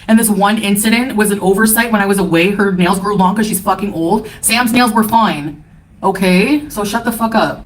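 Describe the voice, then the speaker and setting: Scornful woman ranting on a livestream. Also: mid-range voice. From Canada. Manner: profane, scornful, defensive. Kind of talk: angry livestream rant.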